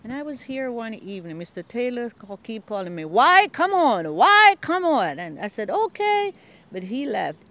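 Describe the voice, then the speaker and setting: An older woman and longtime community gardener, telling stories in a casual interview and acting out the voices she quotes, recorded outdoors in a garden. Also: mid-range voice. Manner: animated storyteller, acts out quoted voices.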